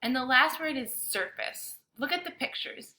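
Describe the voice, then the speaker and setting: A woman teacher leading a bilingual science lesson for children, speaking slowly and clearly with an encouraging classroom manner. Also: high voice, animated, bright, forceful tone.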